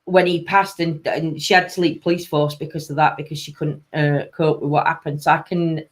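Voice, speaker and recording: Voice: mid-range voice, flat delivery, fairly quick. A host with a Sheffield accent chatting casually on a live stream, reading out viewer comments, laughing often and trailing off mid-sentence. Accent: Sheffield, Yorkshire. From England.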